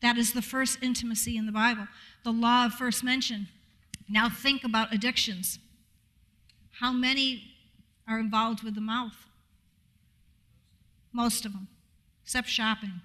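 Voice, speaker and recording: Middle-aged lady giving a church talk, bright forceful voice, chatty, tosses questions to the crowd. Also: on the high side, steady tone, unhurried, pauses often. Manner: conversational, asks the audience questions, laughs easily. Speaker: guest speaker at a congregation. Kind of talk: casual teaching talk.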